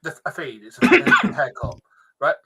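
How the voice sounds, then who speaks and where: A man's voice: fairly high pitch, wildly swooping pitch, measured pace, crowd noise. A man co-hosting a podcast, ranting in a sweary way and checking in with "right?" as he talks. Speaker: podcast co-host. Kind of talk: casual podcast banter.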